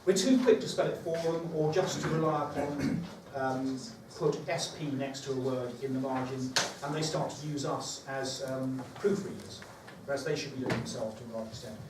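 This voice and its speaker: A teacher trainer runs a workshop for teachers, his mid-range voice steady and at normal speed with few pauses. He chats and thinks aloud, dropping in fillers. The echoey room, far-off mic and background noise are all audible.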